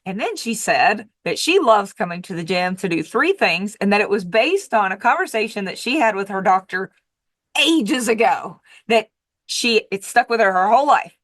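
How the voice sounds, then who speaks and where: A woman's voice: medium pitch, lively intonation, normal speed, a bit bright, no echo, clean studio sound. A woman diet coach giving a casual motivational monologue, emphatic and repetitive, with the occasional swear word.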